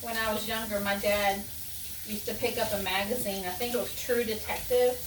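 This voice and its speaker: A woman's voice: medium pitch, little pitch movement, normal speed, recorded from a distance, background noise. Middle-aged lady yakking away over the stove, stories and asides, voice kinda off-mic in an echoey kitchen. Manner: chatty storyteller, rambling asides. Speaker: cooking vlogger. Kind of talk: casual chat while cooking. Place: home kitchen.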